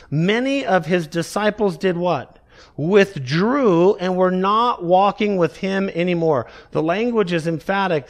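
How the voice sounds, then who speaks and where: High-voiced man preaching emphatically. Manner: emphatic, raises voice for scripture quotes, drops low for key words. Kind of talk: expository sermon.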